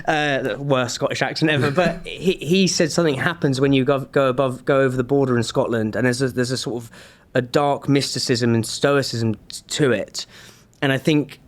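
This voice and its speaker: A man's voice: medium pitch, steady tone, moderate pace. A man hosting an interview, chatting casually and bluntly with some swearing. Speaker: podcast host.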